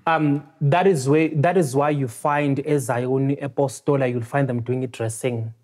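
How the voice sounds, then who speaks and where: A woman's voice: very deep voice, steady tone, measured pace, darkish tone. A woman with a South African accent, a podcast guest who speaks hesitantly and searches for her words. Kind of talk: podcast discussion.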